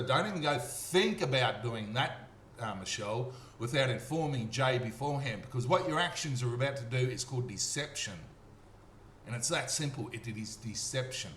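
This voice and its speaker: A man's voice: medium pitch, animated, normal speed, a bit bright. A middle-aged man, rambling through a personal story, acting out the dialogue and checking in with "okay?". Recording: roomy with faint background noise.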